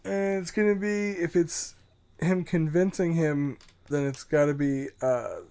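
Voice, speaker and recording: Higher voiced guy chatting thru a movie quiz, joking around. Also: unhurried, mellow, smooth. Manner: chatty, playful, keeps score. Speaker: quiz player. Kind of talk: casual game chat.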